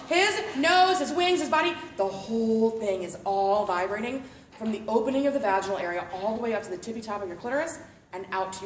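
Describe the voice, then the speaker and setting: A woman's voice: mid-range voice, slight background noise. A woman working as a party sales consultant, giving a playful, chatty live product demo to a group of guests at a home party. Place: living room at a home party. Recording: roomy room recording.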